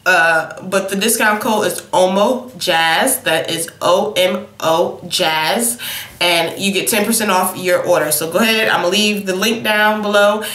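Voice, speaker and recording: A woman's voice: mid-range voice, a little slow, a bit bright, reverberant. A young woman in a casual, sassy makeup review, sniffly from a cold and calling her viewers honey and y'all. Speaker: beauty vlogger.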